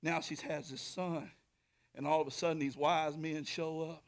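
A man preaching a sermon, telling a story with animated swings from shouting to whispering and calling out to the congregation. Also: on the high side, moderate pace. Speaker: pastor.

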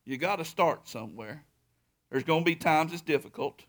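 A man preaching a sermon as pastor, telling a story with loud excited peaks and quiet low stretches. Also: normal speed.

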